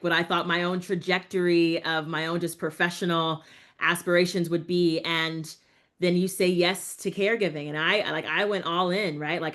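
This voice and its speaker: A woman's voice: fairly low pitch, fairly bright tone. A woman in her thirties, speaking as a family caregiver on a panel, thoughtful and searching for words. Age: 30s. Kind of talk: reflective webinar conversation.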